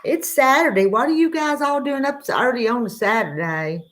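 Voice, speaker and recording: Her voice sits high and a bit bright, animated at a moderate pace. A Southern US woman hosting a livestream early in the morning, she chats and rambles in a relaxed way, calling out viewers by name.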